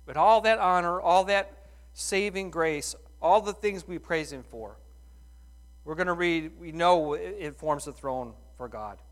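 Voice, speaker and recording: A middle-aged man preaching a sermon in a folksy, animated way, full of rhetorical questions. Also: fairly high pitch, unhurried. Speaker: pastor.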